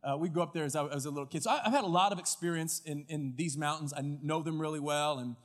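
A male pastor preaching a sermon, telling a story with acted-out dialogue and lively delivery. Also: on the high side, fast talker, big-room sound. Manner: animated storyteller, acts out dialogue and shouts at climaxes. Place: church auditorium. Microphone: stage mic with floor monitor.

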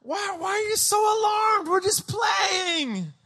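Man putting on a puzzled little boy, very high, bright, shouting. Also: lively intonation, takes it slowly, full character voice. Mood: indignant. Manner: indignant, shouting.

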